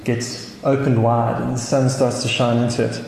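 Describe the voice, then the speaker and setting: Mellow-voiced South African pastor. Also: male voice, mid-range voice, little pitch movement, moderate pace, gravelly. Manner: storytelling with chuckles and restarts. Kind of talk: sermon. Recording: echoey hall with faint noise.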